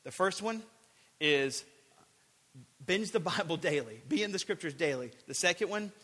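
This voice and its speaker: A man's voice: high voice, lively intonation, moderate pace, sharp tone, breathy edge, big-room sound. A man preaching a sermon, earnest and emphatic, building points through repeated phrases.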